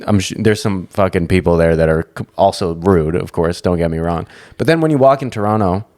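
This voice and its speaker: A man's voice: sits low, fairly quick, darkish tone, no echo, studio quality. A young man chatting casually on a podcast, rambling and swearing freely as he tells stories. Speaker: podcast co-host.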